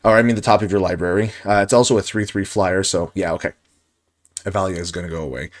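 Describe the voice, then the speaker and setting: A man's voice: low voice, fairly even intonation, quick pace. A man giving live commentary on a card game match as the stream host, thinking aloud, weighing options and correcting himself as he goes. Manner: chatty, self-correcting.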